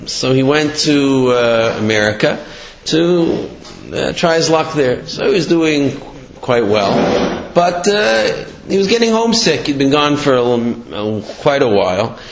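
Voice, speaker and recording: A man giving a Torah talk, halting and restarting as he explains and tells a parable. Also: medium pitch, sing-song, a little hiss or hum. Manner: halting, with many fillers and restarts. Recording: echoey room, dull lo-fi.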